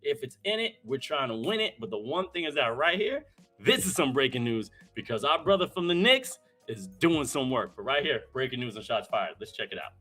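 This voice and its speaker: A man hosting a live-streamed talk show, hyped and slangy, full of shout-outs, with faint music behind him. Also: medium pitch, very animated, a little fast. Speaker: host.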